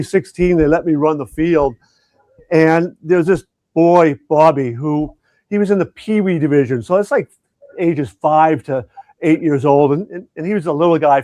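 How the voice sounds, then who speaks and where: A middle-aged man with a somewhat high voice tells a personal story in an earnest, reflective way, often restarting his sentences. The recording is close and very dry, with no room sound. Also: darkish tone, dry recording. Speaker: education coach and conference speaker.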